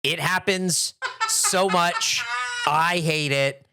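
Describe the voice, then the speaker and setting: A man's voice: sits high, huge pitch swings, very slow, background noise. A man co-hosting a podcast, laid-back and amused, talking plainly in casual chat. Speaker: podcast co-host, pro wrestler.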